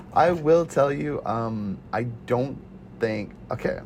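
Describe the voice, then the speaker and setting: A man hosting a casual podcast movie chat, animated and acting out scenes in quick voices. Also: mid-range voice, very noisy. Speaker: podcast host.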